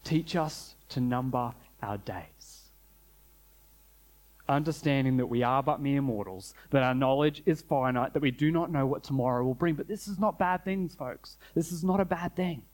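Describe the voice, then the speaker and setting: A man preaching a sermon, earnest, slowing down and dropping low to stress key phrases. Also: a little mellow. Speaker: pastor.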